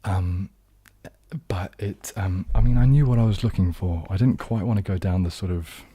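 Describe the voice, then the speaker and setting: A man's voice: low-pitched, a little fast, warm tone, husky, dry recording. A young man from New Zealand with a New Zealand accent that leans southern English, chatting casually on a live stream, rambling and self-deprecating with many ums and restarts. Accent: New Zealand, leaning southern English. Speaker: ASMR streamer hosting a live chat.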